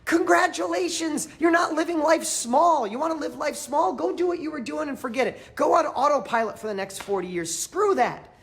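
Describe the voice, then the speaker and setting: Man, motivational coach, fervent pep talk, repeats himself for emphasis, loud then hushed. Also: extremely high pitch, animated, brisk, hardly any pauses. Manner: frequent swings from loud to quiet. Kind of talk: live motivational training.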